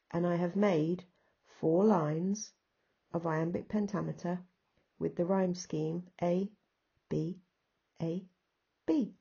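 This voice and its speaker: A woman's voice: lowish voice, gravelly, mellow, slightly rough, highs cut off. A woman with an English accent, teaching a recorded lesson and patiently talking through examples step by step.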